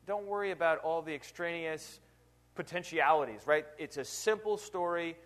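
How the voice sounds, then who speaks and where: A man giving a casual Bible lesson, his voice sitting a little on the higher side. He talks conversationally, keeps checking in with his listeners through rhetorical questions, and leans into the scripture passages he reads aloud. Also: a little fast, a bit bright. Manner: conversational, asks rhetorical questions, frequent "right?". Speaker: preacher. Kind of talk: informal Bible teaching.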